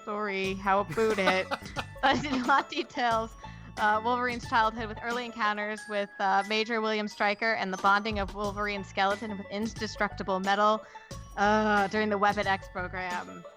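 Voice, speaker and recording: A woman's voice: on the high side, very animated, very slow, pauses often, over music, full character voice. A woman putting on a cheap Canadian voice to read movie stats, giggling and apologizing as she goes. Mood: giggly, apologetic. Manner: keeps breaking into giggles, chirpy apologies. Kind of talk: comedy podcast bit.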